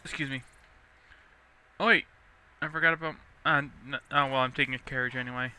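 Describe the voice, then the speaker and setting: A young man casually rambling through gameplay commentary, chatty and quick to laugh. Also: medium pitch, steady tone, bright, forceful tone, clear, resonant tone. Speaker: let's play host.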